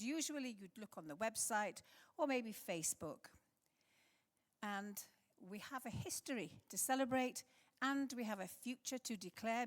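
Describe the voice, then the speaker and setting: A middle-aged woman whose English has a slight Scottish tinge gives a chatty church conference talk, telling history with light humorous asides. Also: mid-range voice. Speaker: conference speaker for a mission society. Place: large church hall. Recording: long hall reverb in a church.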